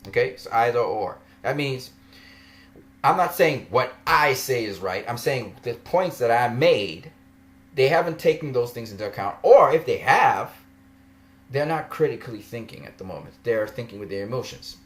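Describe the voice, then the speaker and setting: Talking straight to his viewers, a vlogger rants through an animated commentary at a moderate pace. He argues, mocks, and laughs often, his pitch swinging widely.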